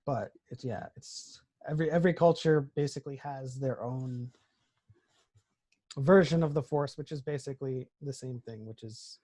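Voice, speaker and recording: A man's voice: medium pitch, normal speed, a little mellow. A man co-hosting a podcast in casual chat, rambling and thinking aloud as he talks. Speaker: podcast co-host.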